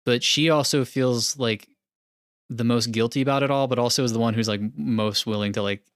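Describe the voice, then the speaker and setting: A man's voice: mid-range voice, a little fast, smooth, dry recording. Chatty laughing podcast man, dry sound. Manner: animated, laughs often, lots of "like" and restarts. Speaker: podcast co-host. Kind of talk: casual film discussion.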